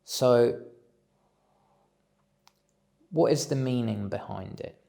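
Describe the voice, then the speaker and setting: Man, reflective monologue at home; slow, thoughtful, voice with a bit of fry. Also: mid-range voice, mellow. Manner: measured, musing, thinks aloud. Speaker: speaker on self-development. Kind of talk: reflective solo talk.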